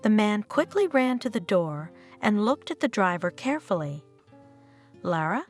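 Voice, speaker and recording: A woman reading a dramatic story as narrator, with soft guitar music playing under her. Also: mid-range voice, big pitch swings, normal speed. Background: faint guitar music.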